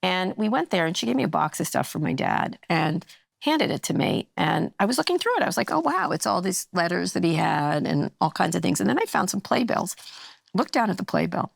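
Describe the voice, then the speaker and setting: A gravelly-voiced woman in her sixties, blunt and a bit profane, tells a family story in relaxed podcast talk. She slips into the voices of the people she quotes, her pitch swinging widely. The sound is dry and close, with no room around it. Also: brisk, dry recording. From United States. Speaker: podcast guest. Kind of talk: casual chat.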